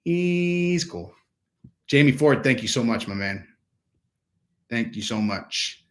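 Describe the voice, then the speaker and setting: A man's voice: fairly low pitch, unhurried. A man hosting a casual livestream, talking in a rambling way full of fillers, restarts and "like". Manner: rambling, filler-heavy talk with frequent "like" and restarts. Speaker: livestream host.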